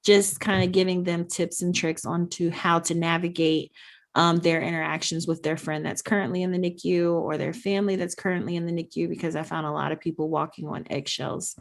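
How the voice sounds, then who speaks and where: Lady talking earnest and soft, kinda low voice, reflective. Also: steady tone, a little fast, gravelly. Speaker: guest, NICU parent. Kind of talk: podcast conversation.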